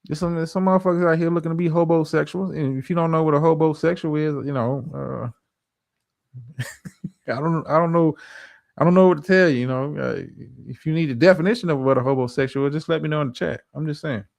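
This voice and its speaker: A man hosting a livestream talks in a higher, gravelly voice. He swears a lot, restarts his sentences and lectures his audience on dating. The sound is dry and close. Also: fast talker, darkish tone, no room sound. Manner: profane, stammering restarts, preachy advice. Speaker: streamer host. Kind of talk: livestream reaction commentary.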